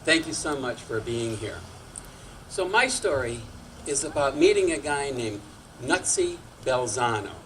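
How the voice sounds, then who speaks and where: A man in his sixties from Massachusetts, telling a personal story on stage at a community storytelling night in a lively, wry manner. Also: mid-range voice, unhurried, slight background noise, rough recording. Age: 60s.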